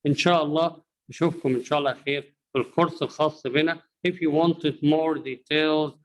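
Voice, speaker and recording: A man's voice: a little high, steady tone, racing, a little hiss or hum, low-quality recording. Egyptian-accented man drilling English sounds. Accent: Egyptian Arabic. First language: Arabic. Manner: switches between English and Arabic, repeats drills, prompts with "huh?". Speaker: English pronunciation teacher. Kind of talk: online language lesson.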